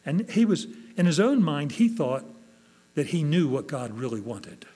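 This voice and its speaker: Male pastor, sermon delivery, earnest and expressive, slightly higher pitch, faint hum. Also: moderate pace, breathy edge. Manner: earnest preaching, acts out quoted prayers with rising emotion.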